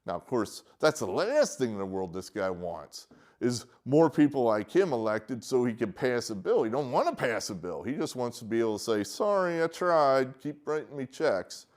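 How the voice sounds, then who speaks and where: A man's voice: mid-range voice, very animated, moderate pace, a little mellow. Guy ranting about politics, fed up and sarcastic, voice jumping all over the place. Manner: exasperated, ranting, with sarcastic asides. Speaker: political commentator; poll worker. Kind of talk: casual opinion monologue.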